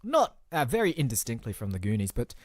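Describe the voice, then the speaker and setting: A man co-hosting a podcast in casual comedic chat, throwing quick quips and finishing his partner's sentences. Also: medium pitch, sing-song, dry recording, clean studio sound. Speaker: podcast co-host.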